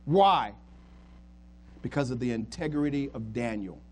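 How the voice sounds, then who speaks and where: A man preaching a sermon, swinging from quiet earnest talk to loud, fervent retelling of scripture. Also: medium pitch, expressive, unhurried, low-quality recording. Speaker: pastor.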